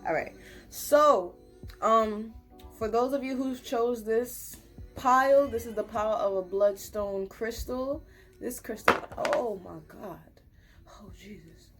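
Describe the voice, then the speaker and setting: A woman's voice: fairly high pitch, slow pace, fairly bright tone, faint music behind. A young woman giving a casual, rambling pick-a-card tarot reading to camera, talking earnestly and reassuringly. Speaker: tarot reader.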